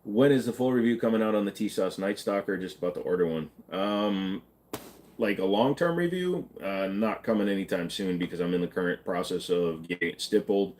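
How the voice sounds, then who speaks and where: Deep-voiced man casually answering chat. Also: a little fast, darkish tone. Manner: offhand, joking, reads chat aloud. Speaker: livestream host answering chat questions.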